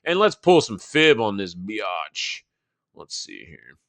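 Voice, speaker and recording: Low-voiced, crisp, profane market host. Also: male voice, very animated, slow pace, a bit bright, dry recording. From Texas. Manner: loose and profane, thinking aloud with fillers. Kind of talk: casual live chart commentary.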